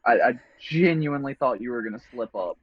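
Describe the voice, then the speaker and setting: A man's voice: medium pitch, lively intonation, brisk, breathy edge, no echo, muffled recording. A man playing in a tabletop game, teasing the game master. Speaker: player. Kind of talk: casual game chat.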